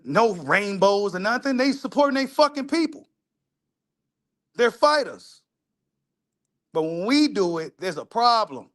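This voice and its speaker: A man talks in a high, excitable register as he reacts to a video. He repeats lines for emphasis and drops curse words freely, in loose casual commentary. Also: a little slow, long pauses. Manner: repetitive, emphatic, profane street talk.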